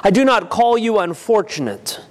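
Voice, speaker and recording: A man reading aloud and voicing a huge, calm male lion who speaks slowly and gravely. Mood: solemn. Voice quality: deep, slow, grave. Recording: long reverb.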